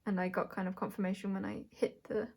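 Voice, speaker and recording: A woman with a mid-pitched voice gives an intuitive tarot reading. She talks her way through it, stopping to rephrase and correct herself and breaking into small laughs. The pace is unhurried and reflective. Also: little pitch movement, creaky. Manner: searching, self-correcting, thinks aloud with soft laughs. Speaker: tarot reader.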